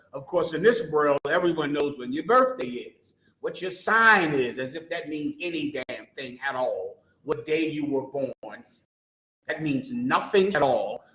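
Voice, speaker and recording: A man's voice: on the high side, fairly bright tone, echoey room, low-quality recording. A man preaching a street sermon who talks emphatically and sarcastically, firing rhetorical questions at his listeners.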